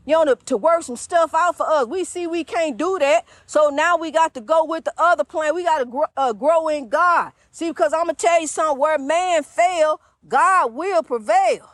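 A woman's voice: high-pitched, brisk, hardly any pauses, dry recording. A woman preaching informally in a rhythmic, repetitive style, urging listeners on and calling them honey.

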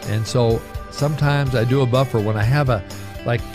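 A man's voice: mid-range voice, steady tone, normal speed, music in the background. A man who is a pastor and radio host, giving a folksy, conversational devotional talk and reading scripture earnestly. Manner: folksy and conversational, jokes lightly; earnest, heartfelt prayerful reading.

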